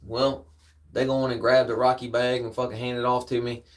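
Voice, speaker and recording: A man's voice: medium pitch, flat delivery, a little fast. A man hosting a livestream, telling a long story casually, rambling and swearing, with "man" at the end of many sentences. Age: adult with a daughter. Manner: rambling, profane, peppers speech with "man". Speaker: livestream host.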